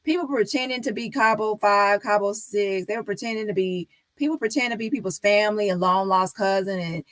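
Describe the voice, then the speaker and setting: A woman's voice: mid-range voice, a little fast, few pauses, a bit bright, no echo. A woman on a live stream talking casually and insistently to her viewers, repeating her points.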